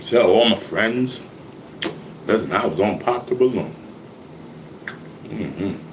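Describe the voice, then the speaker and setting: Laid-back rapper rambling in an echoey room. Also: male voice, lowish voice, lively intonation, slow pace, background noise. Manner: laid-back, laughing, keeps saying "you know what I mean". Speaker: rapper and vlogger. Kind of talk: casual rambling monologue.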